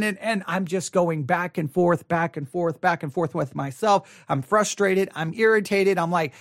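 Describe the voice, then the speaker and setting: A man's voice: sits high, normal speed, hardly any pauses, fairly bright tone, no room sound. A man, a pastor, talking earnestly to the camera from a studio and thinking aloud with many restarts. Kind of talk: reflective monologue to camera.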